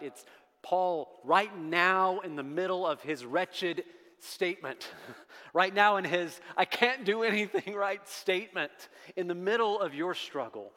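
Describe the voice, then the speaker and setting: A man's voice: medium pitch, a bit bright. A man preaching a sermon to a congregation, emphatic and building through repeated refrains. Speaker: pastor. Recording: long hall reverb.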